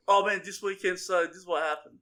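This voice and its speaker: Young guy on a podcast, high bright voice, swearing nonstop, laughing thru his stories. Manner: swearing, rowdy, laughing storyteller. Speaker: podcast co-host. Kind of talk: casual storytelling chat.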